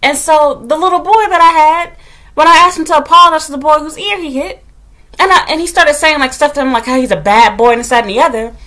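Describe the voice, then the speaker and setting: A woman's voice: high-pitched, fast. Blunt, profane woman venting. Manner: animated, gets loud when retelling scolding. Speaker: substitute teacher. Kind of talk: casual storytelling rant to camera.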